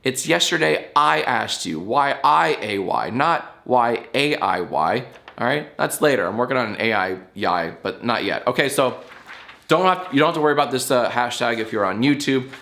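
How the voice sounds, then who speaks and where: A man hosting his own online show, speaking in a loose, chatty, rambling way. His voice sits at an everyday middle pitch. He leans into playful emphasis when he explains things to his viewers. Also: lively intonation, fairly quick, creaky, sharp tone. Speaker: YouTube show host. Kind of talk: casual chat to camera.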